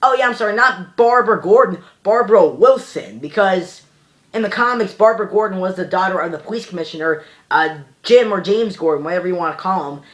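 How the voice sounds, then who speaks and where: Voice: mid-range voice, a little fast. A young adult reviewing a movie in a casual, exasperated rant, rambling and full of "you know" fillers.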